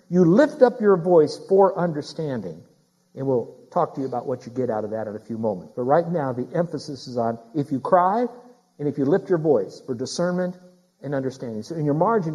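A man's voice: medium pitch, dark tone, slightly rough, low-quality recording. A middle-aged man preaching a sermon, emphatic and repeating key phrases to his congregation. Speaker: pastor.

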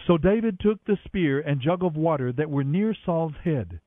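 A man reading scripture aloud on a radio show in steady, measured narration. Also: a little high, no echo. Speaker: Bible reader on radio. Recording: dry, tinny phone-like radio sound.

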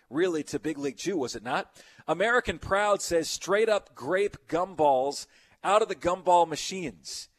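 A middle-aged man runs a sports radio show, chatting in an easy, rambling way. His voice is a bit high for a man, and he riffs casually on messages from listeners.

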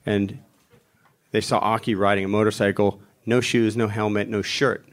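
A middle-aged man, a panel guest at a live Q&A, retelling a story with animated, chuckling delivery. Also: fairly low pitch, moderate pace.

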